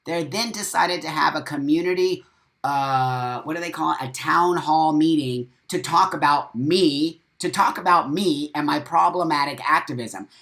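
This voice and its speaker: A man hosting a live-stream monologue, swearing often and repeating phrases for emphasis in a defiant, forceful rant. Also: a little high, moderate pace, vocal fry. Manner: profane, emphatic ranting. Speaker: host.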